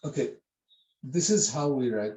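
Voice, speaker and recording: Man, script teacher, slow deliberate syllables, roomy echo. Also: mid-range voice, lively intonation, darkish tone. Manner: slow, patient, spelling out syllables with fillers. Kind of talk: online class instruction.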